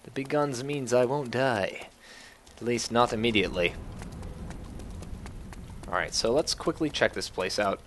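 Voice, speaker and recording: A man hosting a gameplay video, talking through his game in a joking, self-mocking way with sudden excited yelps. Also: medium pitch, unhurried, pauses often, a little hiss or hum. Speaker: gaming video host. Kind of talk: gameplay commentary.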